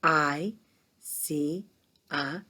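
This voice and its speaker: A woman's voice: low-pitched, extremely slow, pushed and bright, breathy edge. A woman teaching kindergartners a reading lesson, patient and encouraging, sounding out words. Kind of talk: read-along reading lesson.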